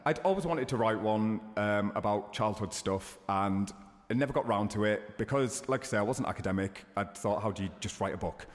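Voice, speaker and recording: A man in his thirties, a guest chatting in an interview, telling stories with sudden high excited bursts. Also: a little fast, big-room sound. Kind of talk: casual interview chat.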